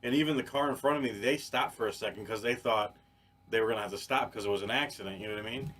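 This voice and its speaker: A man on a podcast telling a story in casual chat, animated and profane, with many restarts. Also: on the low side, fast. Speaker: podcast co-host.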